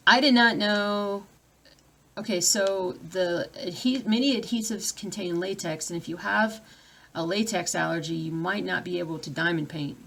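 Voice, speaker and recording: A woman's voice: on the low side, a bit bright. A woman chatting casually on a live stream at home, reading viewer comments aloud and breaking off to deal with her dogs. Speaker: cross-stitch vlogger.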